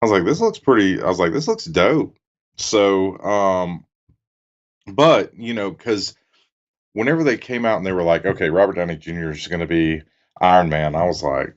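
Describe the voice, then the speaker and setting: A man's voice: deep voice, animated, moderate pace. A man in his thirties, co-hosting a podcast in casual, laid-back chat. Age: 30s. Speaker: podcast co-host. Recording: dull lo-fi sound.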